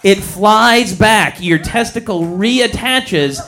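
A man's voice: high voice, pushed and bright. A man running a tabletop game as game master, narrating and giving roll instructions through frequent laughter. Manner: amused, often laughing, quick instructions.

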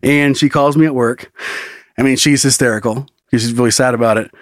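A man's voice: mid-range voice, fairly even intonation, a little fast, no room sound, studio quality. A man telling a story as a podcast host, in casual, profane comedy chat full of laughs.

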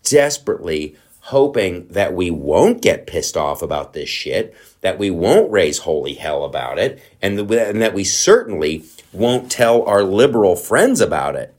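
Middle-aged man, podcast host, profane rant, lowish voice, loud bursts. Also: very animated, a little slow. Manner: profane, worked-up ranting with loud outbursts; mumbling around a guitar pick in his mouth. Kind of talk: casual comedic political rant.

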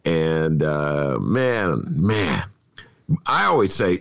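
Lively low-voiced man, podcast host. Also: moderate pace. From Chicago. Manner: lively storytelling, laughing asides. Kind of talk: casual political interview.

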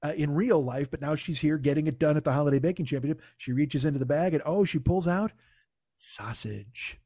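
A man's voice: on the high side, fast talker, dark tone, dry recording, clean studio sound. A man hosting a podcast, ranting in a casual, comic, profane and exasperated way. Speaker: podcast host. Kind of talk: casual comedic rant.

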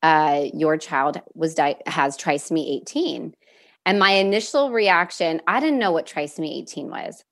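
Young adult woman, guest storyteller; somewhat low pitch, earnest and open, frequent fillers and restarts. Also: a little slow, fairly bright tone. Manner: emotional at moments, with nervous laughs. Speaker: guest sharing a personal story. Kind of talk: candid conversational storytelling.

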